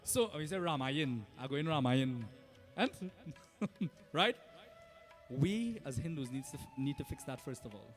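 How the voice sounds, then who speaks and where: A man's voice: on the high side, sing-song, unhurried, pauses often, faint music behind. A Trinidadian man, a Hindu pundit, giving a sermon in a temple and teaching in a chatty way, often asking "right?" and laughing. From Trinidad and Tobago. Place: temple hall.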